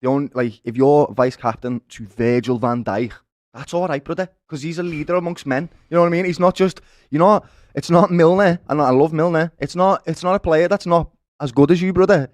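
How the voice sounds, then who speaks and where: A man's voice: on the high side, steady tone, brisk, dry recording. A man with a Liverpool accent co-hosting a football fan show, talking emphatically and passionately and often calling people "lad" and "brother". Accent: Liverpool (Scouse). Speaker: football fan-channel co-host. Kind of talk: animated football fan discussion.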